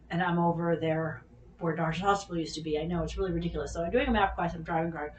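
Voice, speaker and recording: A woman from the Bay Area, hosting a vlog and telling a casual, animated story with plenty of swearing, speaking straight to her viewers. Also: lowish voice, brisk, a little hiss or hum. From California Bay Area. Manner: profane, animated, addresses viewers directly. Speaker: vlog host. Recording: echoey room, mic at a distance.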